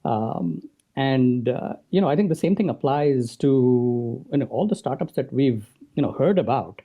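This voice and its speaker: Over phone-quality sound, a husky man with a medium pitch and lively intonation explains his ideas as a podcast guest at normal speed. He often punctuates his points with "right?"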